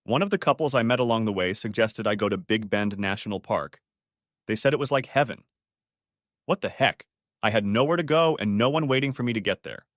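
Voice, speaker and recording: A man reading a first-person story audiobook as narrator, with steady storytelling. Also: on the low side, a little fast, no room sound, studio quality.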